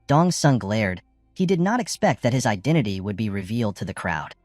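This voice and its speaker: A male narrator reads a comic recap with a very animated, bouncing delivery. The sound is dry and close to the mic, with faint music playing underneath. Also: a little fast, no echo. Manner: lively, jumps pitch for quoted lines.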